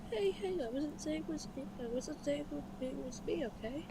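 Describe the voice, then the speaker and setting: A woman in a casual chat, talking in quick, defensive back-and-forth. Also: high-pitched, animated, noisy background.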